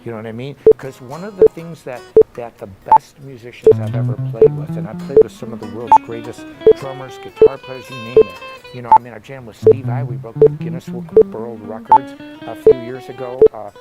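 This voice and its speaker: Loud electric guitar fills the background as a middle-aged teacher rambles through a casual one-on-one lesson, full of stories and tangents. His voice is medium-pitched at a normal speed, and the highs in the audio are cut off.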